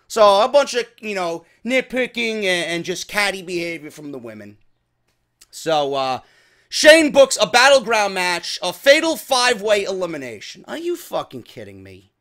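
A man with a fairly high voice reviews a wrestling show in a loose, profane rant. He sounds exasperated and often mocks what he describes. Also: expressive, moderate pace, bright, forceful tone. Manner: exasperated, profane, mocking impressions.

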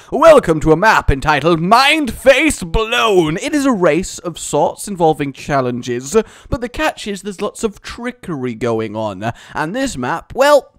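Excitable man with a lively voice. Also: high-pitched, no room sound, clean studio sound. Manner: excitable, jokey, bursts into laughter and shouts. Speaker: gaming channel host. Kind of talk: casual gameplay commentary.

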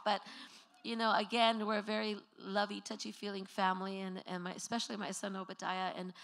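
A middle-aged woman with a gravelly edge to her voice, speaking at a memorial service. She tells church stories in a loose, chatty way and briefly acts out the voices of the people in them. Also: mid-range voice, a bit bright. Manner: storytelling, acts out children's voices. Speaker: former pastor sharing memories. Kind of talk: memorial tribute.

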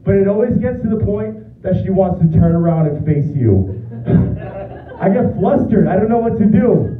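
A young man doing a stand-up comedy set, animated, crude and laughing at his own jokes. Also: high-pitched, moderate pace, far from the mic. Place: bar or small club. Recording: tinny, roomy club recording from afar.

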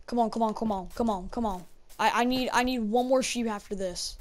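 A woman's voice: medium pitch, brisk, slight background noise. A woman giving casual gameplay commentary. She chats to her in-game pets and exclaims often. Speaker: gaming video creator.

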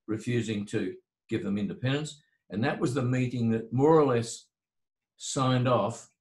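Older man, author at a book talk, hesitant, repeats words, roomy echo. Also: medium pitch. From Australia. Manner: halting, repeats words while thinking aloud. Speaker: author and lawyer. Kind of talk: discussing history at a book talk.

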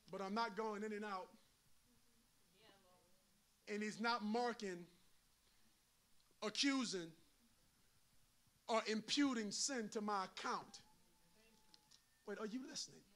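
A pastor with a very high voice delivers a folksy, humorous sermon. His sing-song cadence swings from shouted peaks down to quiet asides.

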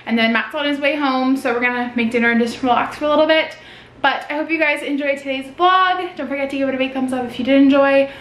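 A woman's voice: sits high, quick pace, slight background noise. Bubbly woman vlogging in a roomy home. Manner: bubbly, gushing, excitable. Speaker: lifestyle vlogger. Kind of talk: casual vlog narration to camera. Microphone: vlog camera mic.

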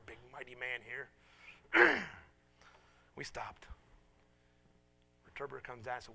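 A man's voice: medium pitch, normal speed, creaky, long pauses, a little hiss or hum. A middle-aged man preaching a sermon, telling stories with self-mocking humor and acting out the people in them. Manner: animated, self-mocking, acts out voices in stories. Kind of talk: sermon with storytelling.

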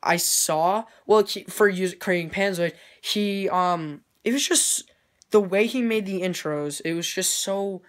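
A young man, a video creator, casually thanking his inspirations, rambling and hesitant with lots of fillers but excitable and enthusiastic. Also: high voice, unhurried. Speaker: YouTube intro creator. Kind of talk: casual vlog thank-you talk.

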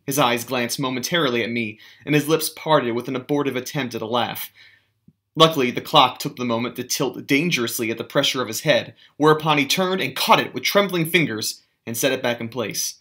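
Male teacher, audiobook narration, measured, bright crisp tone. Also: medium pitch. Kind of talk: audiobook reading of a novel.

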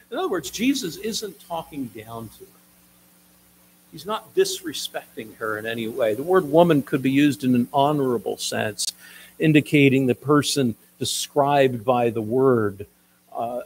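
A man preaching a sermon as pastor, explaining a passage in a measured, teaching way with occasional restarts. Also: mid-range voice, a little hiss or hum, rough recording.

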